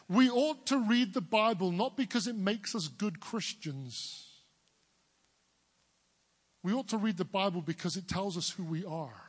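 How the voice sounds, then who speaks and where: A pastor in his forties from England delivers a sermon in a big, booming, fairly high voice with a breathy edge. At a measured pace, he builds earnestly toward emphatic declarations, his words echoing long as if in a church hall.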